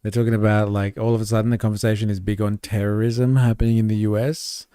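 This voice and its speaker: A man's voice: on the low side, level tone, fast talker, mellow, clean tone, no room sound, clean studio sound. A man hosting a livestream, casually commenting on news clips with sarcastic, profane reactions. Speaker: livestream host.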